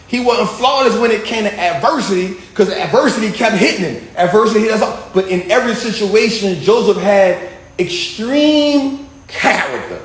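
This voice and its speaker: A high-voiced man preaching in casual slang, his pitch swinging widely as he repeats phrases for emphasis. The room is echoey, with a faint ambient hum behind him. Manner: animated, repetitive, slangy and conversational. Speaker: vlogger preaching. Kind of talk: casual street-style sermon.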